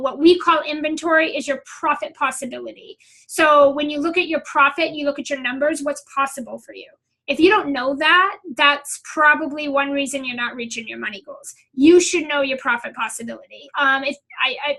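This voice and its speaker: A woman's voice: sits high, sharp tone. A middle-aged woman business coach, talking bluntly and with some swearing, with plenty of ums. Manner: blunt and profane, with fillers. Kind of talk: coaching talk.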